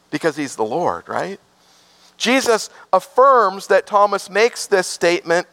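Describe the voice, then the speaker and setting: A man pastor preaching a sermon with emphatic swells that drop to soft, slow passages, then leading a prayer. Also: high voice, no echo.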